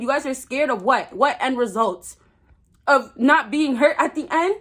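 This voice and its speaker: A young woman with a fairly high voice talks straight to her viewers in a casual advice vlog. She is blunt and emphatic, and she hammers her points home by repeating key phrases. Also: normal speed. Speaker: dating advice vlogger. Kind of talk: casual advice monologue to camera.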